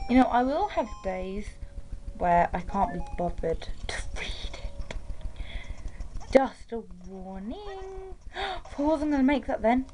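A young woman chatting through a handheld game as a let's-play commentator, rambling and full of "like" and "um", and turning high and whiny when she gets upset. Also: expressive, slow, warm tone, slight background noise, rough recording.

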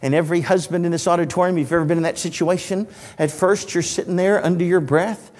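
A man in his sixties, an evangelist preaching a sermon in a church auditorium, telling stories with animated delivery and dry humor. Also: sits high, fast, in a large hall. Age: 60s.

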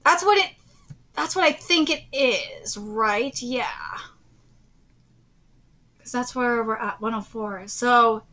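A woman's voice: a little high, slow pace, pauses often, pushed and bright, lo-fi sound. A woman hosting an anime commentary channel, talking casually, exasperated and pleading, with frequent swearing.

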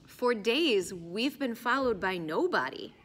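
A poised, self-assured schoolboy, voiced by a woman speaks in a formal, articulate, composed way. The voice is bright and crisp. He sounds calmly precise, as in a storybook. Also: a little high, slow, exaggerated voice.

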